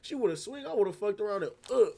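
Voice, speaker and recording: High-voiced young man telling a story. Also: a little fast, creaky. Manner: slangy, rambling, animated retelling. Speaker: streamer. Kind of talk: casual storytelling. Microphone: streaming setup microphone.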